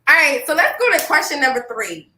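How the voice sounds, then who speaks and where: A woman hosting a podcast in casual chat, animated and blunt, swearing freely and laughing often. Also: high-pitched, fairly quick, roomy sound, rough recording. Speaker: podcast host.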